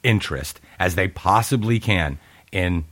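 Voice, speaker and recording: Man, podcast co-host, lowish voice, firm explainer who laughs easily. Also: expressive, a little slow, fairly bright tone. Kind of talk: casual sports chat.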